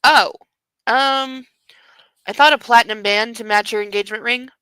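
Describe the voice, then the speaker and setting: A woman reading the lines of a shy, giddy young bride, soft and hesitant. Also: fairly high pitch, steady tone, normal speed, smooth, dry recording, poor audio. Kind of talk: reading a novel aloud.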